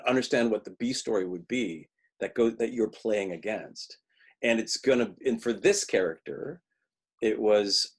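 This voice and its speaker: A man's voice: lowish voice, breathy edge. A man teaching acting in a webinar, talking conversationally with frequent restarts and briefly acting out lines he quotes. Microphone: video call.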